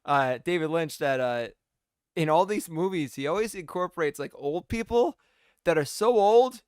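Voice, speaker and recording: A man chats through a film podcast, rambling and trailing off into quiet asides. His voice is smooth and clear and sits a little high. The sound is dry and close. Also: animated, normal speed, dry recording. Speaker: podcast co-host. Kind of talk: casual film discussion chat.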